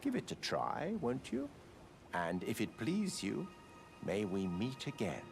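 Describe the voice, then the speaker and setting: A man voicing a grave, gravelly older warrior in a video game, speaking in measured, archaic, confiding tones. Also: lowish voice, huge pitch swings, background noise, exaggerated voice. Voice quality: gravelly, archaic formal speech. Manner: measured, confiding theatrical delivery.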